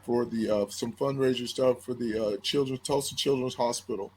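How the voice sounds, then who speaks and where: A man, a former football player, telling a story as a podcast guest in a lively, animated way, often repeating his words as he starts a sentence. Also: mid-range voice, normal speed, slight background noise. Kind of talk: casual storytelling.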